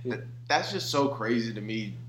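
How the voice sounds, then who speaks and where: Animated man reacting in an echoey room. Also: medium pitch, moderate pace, a little hiss or hum. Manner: exclaims and reacts, lively delivery. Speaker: podcast co-host. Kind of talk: casual banter.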